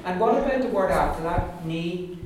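A man teaching a pronunciation class, patiently repeating words slowly for learners. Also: high voice, animated, a crowd in the background. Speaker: Irish language teacher. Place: classroom with students. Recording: echoey classroom from far off, group around.

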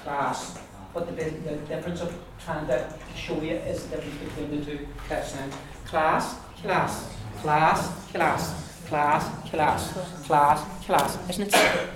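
A language teacher giving a classroom pronunciation lesson to a group of learners, repeating words over and over and explaining patiently. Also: mid-range voice. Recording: very echoey room, far from mic, noisy.

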